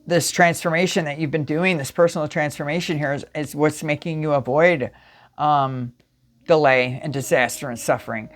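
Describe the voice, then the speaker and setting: A woman giving a casual spiritual tarot reading straight to viewers, emphatic and repetitive. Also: a bass voice. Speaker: tarot reader.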